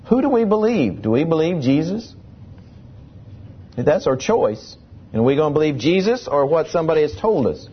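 A man's voice: fairly high pitch, very animated, normal speed, husky, lo-fi sound. A man preaching a sermon, emphatic and full of rhetorical questions.

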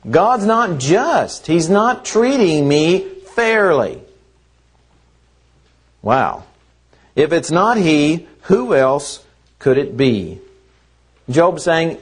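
A male preacher delivers a sermon at an unhurried, deliberate pace. He talks earnestly and leans on repeated phrases to drive each point home. His voice sits slightly high for a man. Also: big pitch swings, husky.

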